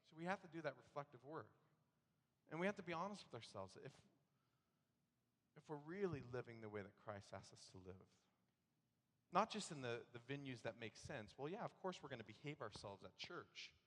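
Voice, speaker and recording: A man preaching a sermon as pastor, telling a personal story in a conversational way and sometimes acting out frustration loudly. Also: mid-range voice, brisk. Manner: conversational storytelling, bursts into animated acted-out outrage. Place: church sanctuary. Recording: long hall reverb in a church.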